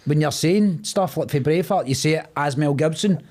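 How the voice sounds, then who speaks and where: A man's voice: fairly high pitch, fairly quick, darkish tone. A Scottish man co-hosting a podcast, chatting in casual, sweary banter, often laughing and cutting in. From Scotland. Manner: sweary, laughs a lot, cuts in. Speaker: podcast co-host.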